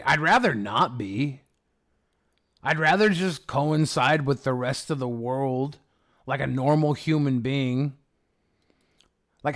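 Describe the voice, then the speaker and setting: A man hosting a livestream, chatting casually with his viewers in a rambling, profane, sarcastic way. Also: mid-range voice. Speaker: livestream host. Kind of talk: casual livestream chat reading viewer comments.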